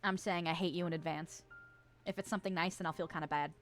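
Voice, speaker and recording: A woman's voice: lowish voice, steady tone, fast talker, faint music behind. A woman streaming a video game, chatting casually with her viewers and swearing often as she plays. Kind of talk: casual gameplay stream chat.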